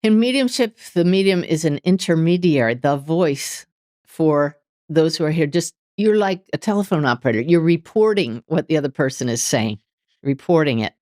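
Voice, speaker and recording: A woman being interviewed as a medium, telling lively stories and acting out inner dialogue. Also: deep voice, normal speed, dry recording, clean studio sound. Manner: animated storytelling, voices inner dialogue. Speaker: guest medium. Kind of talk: interview conversation.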